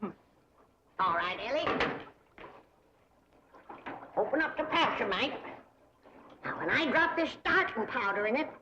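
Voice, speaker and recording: A feisty old country granny with a twang, bossing folks around while she works her charms. Her voice sits high. The sound is a muffled old sitcom soundtrack with clear hiss under it. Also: sing-song, unhurried. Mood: bossy. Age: older. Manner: bossy, folksy instructions. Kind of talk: 1960s sitcom acting. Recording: dull, hissy 1960s TV soundtrack.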